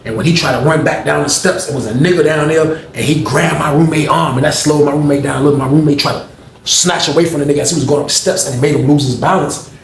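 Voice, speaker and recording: Fast-talking gravelly man telling a wild story. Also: a little high. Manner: animated, profane, acts out the scene. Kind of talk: casual storytelling. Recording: echoey room with faint background noise.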